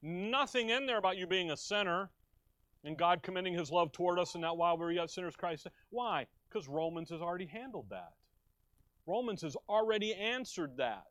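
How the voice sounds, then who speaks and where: A middle-aged man from Chicago preaches a sermon in a folksy style and breaks into joking asides with his listeners. His voice sits a little high for a man. The sound is dry, with hardly any room echo. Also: expressive, fairly quick, fairly bright tone. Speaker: pastor. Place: church.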